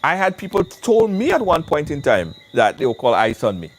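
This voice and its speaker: A Caribbean man with a fairly high voice speaks briskly while hosting a live call-in show outdoors in the wind. He's casual yet animated and emphatic, often repeating words.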